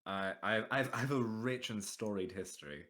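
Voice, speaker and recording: A man with a very deep, low voice co-hosts a loose podcast chat. He rambles and jokes, often stumbling and restarting his sentences. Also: sharp tone. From Australia. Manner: rambling, jokey, halting restarts. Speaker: podcast co-host.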